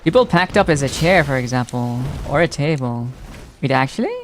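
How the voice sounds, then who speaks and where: A man's voice: medium pitch, very animated, brisk, noisy background. A man streaming a game, chatting casually, teasing his viewers and laughing often as he reacts to chat. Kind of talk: casual live-stream chat while playing.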